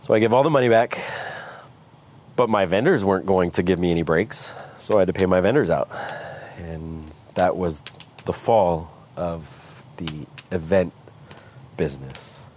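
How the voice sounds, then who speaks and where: Lively low-voiced man telling his story. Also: measured pace, slight background noise. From California. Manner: animated, acts out quoted voices. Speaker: guest entrepreneur. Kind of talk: candid storytelling. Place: outdoors by a smoky fire.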